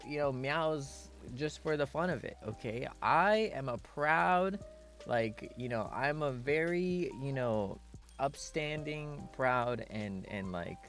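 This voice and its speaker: A man's voice: medium pitch, expressive, slow, a bit bright, faint music behind. A man chatting casually on a livestream, playful and rambling, full of teasing asides. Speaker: streamer.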